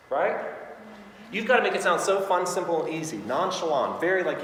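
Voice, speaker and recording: A man giving a live sales training to an audience, chatty and quick to laugh, full of anecdotes. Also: on the high side, lively intonation, fairly bright tone, slight background noise. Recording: echoey hall recorded from far off.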